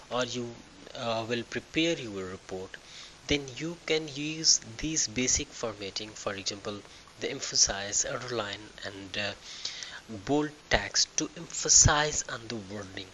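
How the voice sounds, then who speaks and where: A man walking through a screen-recorded software tutorial, thinking aloud with halting restarts and fillers. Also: medium pitch, slight background noise, rough recording. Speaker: tutorial instructor.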